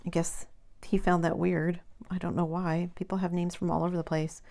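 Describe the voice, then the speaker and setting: A woman's voice: fairly low pitch, flat delivery, moderate pace, gravelly, dark tone. A middle-aged American woman chatting casually as a crafting channel host, rambling through a story and acting out quoted dialogue. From United States.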